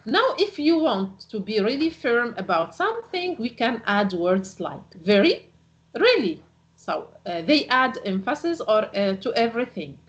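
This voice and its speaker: A woman teaching an English lesson, explaining phrases slowly and reading out example sentences. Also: a little high, big pitch swings, muffled recording. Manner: slow, careful delivery with example phrases read out. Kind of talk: recorded language lesson.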